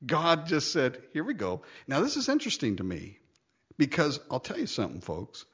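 Male pastor, expressive teaching voice that jumps high and drops low, slightly muffled lo-fi sound. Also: normal speed, breathy edge. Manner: animated, laughing often, acting out quotes. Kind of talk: sermon.

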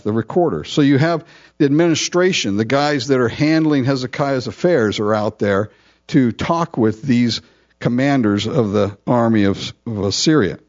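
Male pastor, mid-pitched, conversational verse-by-verse teaching, muffled lo-fi recording. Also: unhurried. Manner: conversational, explains verses in plain asides. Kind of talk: expository sermon. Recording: dull lo-fi recording.

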